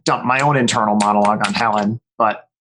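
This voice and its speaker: A man's voice: lowish voice, fairly even intonation, fast talker, noisy background. A man playing a tabletop game, speaking frankly and thoughtfully. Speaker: player. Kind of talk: tabletop role-play chat.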